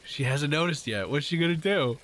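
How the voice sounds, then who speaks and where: Excitable high-voiced man playing a game. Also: brisk, slight background noise. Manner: excitable, laughing, swearing, talking to game characters. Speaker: gaming channel host. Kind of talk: let's play commentary.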